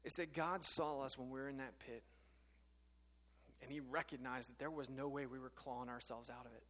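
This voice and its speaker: A man's voice: medium pitch, fairly even intonation, brisk, fairly bright tone, in a large hall. A man preaching a sermon as pastor, earnest and conversational, with frequent fillers and restarts.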